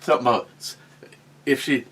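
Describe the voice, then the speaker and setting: A man hosting a casual podcast rambles through a story, restarting often, using many fillers, and reading chat comments aloud. His voice is medium-pitched, fairly bright, fairly even in intonation and a little fast, with slight background noise.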